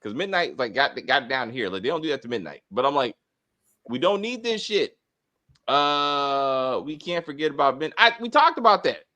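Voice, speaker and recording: A middle-aged man hosting a casual TV review chat, rambling, swearing and talking in an animated way. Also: mid-range voice, fairly quick, few pauses. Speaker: TV review host.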